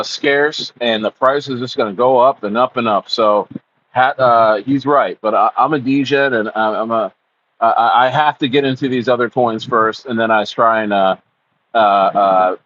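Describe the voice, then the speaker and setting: A man's voice: mid-range voice, fairly bright tone. Rambling man with a dull lo-fi sound. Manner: rambling, stammering restarts, acts out voices in quotes. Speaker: crypto livestream host. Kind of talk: casual livestream chat reading comments.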